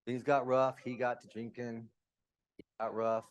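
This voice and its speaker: A man in his fifties from Utah, candidly telling his own life story to a room, with quick asides. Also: medium pitch, little pitch movement, lo-fi sound. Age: 50s. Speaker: speaker. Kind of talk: personal story talk.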